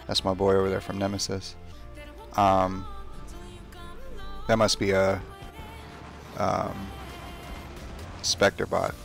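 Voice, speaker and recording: A man's voice: deep voice, completely flat delivery, takes it slowly, vocal fry, long pauses, soft background music. A young man chatting casually as he streams a game, talking to himself and trash-talking opponents. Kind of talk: casual live gameplay commentary.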